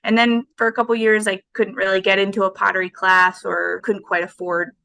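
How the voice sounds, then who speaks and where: A woman's voice: medium pitch, level tone, brisk, creaky, bright, forceful tone, poor audio. A woman, a guest potter on an interview podcast, talking casually and thoughtfully with frequent fillers.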